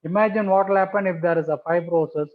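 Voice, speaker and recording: A man's voice: high-pitched, fairly even intonation, fast talker. A man giving a methodical pathology lecture over slides, repeating key terms for emphasis. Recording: tinny phone-like audio.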